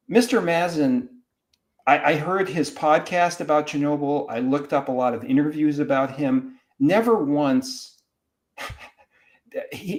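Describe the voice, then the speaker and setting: A man, a professor, talking as a podcast guest in a casual, animated way, often restarting his sentences. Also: on the high side. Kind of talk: casual discussion.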